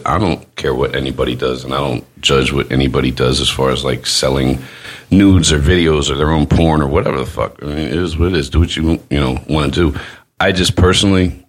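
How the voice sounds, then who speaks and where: A man's voice: a bass voice, breathy edge. A man hosting a podcast, telling crude stories with lots of swearing and mocking the voices of the people he quotes. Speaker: podcast host. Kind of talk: crude casual storytelling.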